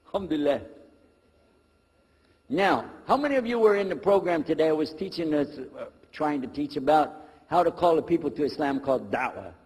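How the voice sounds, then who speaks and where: A man's voice: on the high side, lively intonation, normal speed, long pauses, breathy edge, in a large hall. A man giving a lecture to a live audience, joking and talking in a folksy, conversational way. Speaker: Islamic lecturer.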